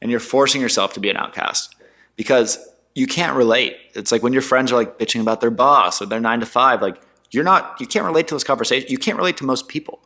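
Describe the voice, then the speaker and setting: A man in his twenties, a guest entrepreneur, telling his story in a casual interview in an animated, slangy way. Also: mid-range voice, fast talker. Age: 20s. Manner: animated, slangy, mimics others in quotes.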